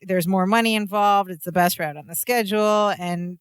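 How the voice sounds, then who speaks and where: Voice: medium pitch, steady tone, moderate pace, clean tone, no room sound. A podcast co-host narrating episode plots steadily in casual chat, adding dry asides.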